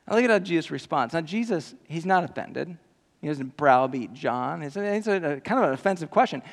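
A male pastor preaching a sermon with animated, jokey storytelling and earnest appeals to the listeners. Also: a little high, fairly quick. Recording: long hall reverb.

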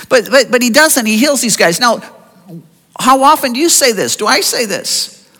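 Bright-voiced preacher in a reverberant hall. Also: male voice, very high-pitched, normal speed. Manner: expressive, asks the listeners rhetorical questions. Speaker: pastor. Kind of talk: sermon.

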